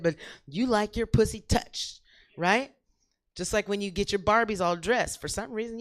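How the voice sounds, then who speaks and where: A woman's voice: mid-range voice, a bit bright. A woman doing a crude, profane stand-up set on a comedy club stage, talking straight to the crowd. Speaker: stand-up comic.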